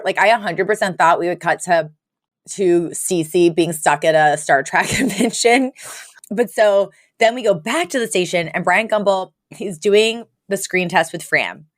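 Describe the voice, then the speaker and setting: A woman's voice: medium pitch, moderate pace, no echo, studio quality. A woman co-hosting a podcast, chattily recapping an episode and acting out lines. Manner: chatty, many filler likes, acts out quotes. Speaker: podcast co-host.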